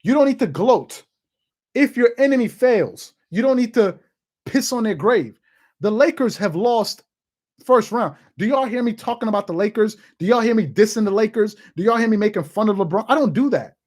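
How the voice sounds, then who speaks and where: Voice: mid-range voice, lively intonation, normal speed, darkish tone. A person in their thirties hosting a sports channel, giving emphatic opinion commentary and repeating points for emphasis. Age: 30s. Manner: emphatic and repetitive, hammering points home.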